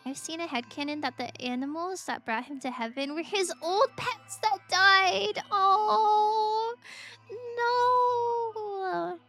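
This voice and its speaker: A woman's voice: very high-pitched, takes it slowly, bright, forceful tone. A woman streaming a video game who chats emotionally and giggles often. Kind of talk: let's play commentary. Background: faint game music.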